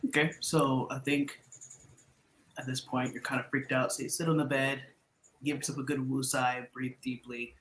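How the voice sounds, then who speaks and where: A man taking a turn in an improvised collaborative story, narrating in a lively, amused way. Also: mid-range voice, moderate pace, reverberant, a little hiss or hum, poor audio. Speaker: player in a storytelling game.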